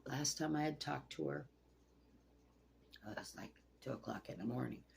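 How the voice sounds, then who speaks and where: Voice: medium pitch, moderate pace, vocal fry, a little hiss or hum. A person in their sixties telling a rambling, emotional late-night personal story, swearing often.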